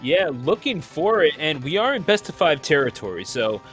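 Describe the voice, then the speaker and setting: A man commentating an online video game tournament play-by-play, excitable and joking, laughing often. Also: fairly high pitch, moderate pace, faint music behind. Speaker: esports commentator.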